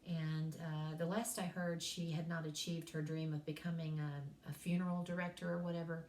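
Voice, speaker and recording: There's a slight background hiss and some room echo as this East Tennessee college English teacher lectures for her course. Her low, darkish voice moves at a moderate pace with flat delivery, yet she tells homespun classroom stories laced with self-deprecating jokes.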